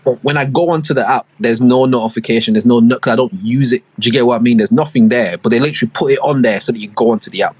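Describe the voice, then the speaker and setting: A man's voice: medium pitch, very fast, few pauses, a little mellow, slightly rough, no echo. A young man, co-hosting a podcast and telling a rambling story full of slang and fillers in casual chat. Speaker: podcast co-host.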